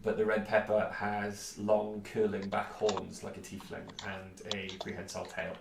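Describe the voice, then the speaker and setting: Relaxed male game master, echoey room. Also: lowish voice, normal speed, gravelly, noisy background. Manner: relaxed, hesitant with fillers. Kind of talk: narrating a tabletop game. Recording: roomy echo.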